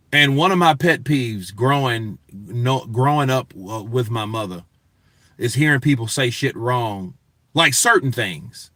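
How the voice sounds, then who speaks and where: Bright-voiced man ranting on a show. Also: mid-range voice, no echo. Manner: profane, emphatic, talks to chat. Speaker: boxing news show host. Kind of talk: casual commentary rant.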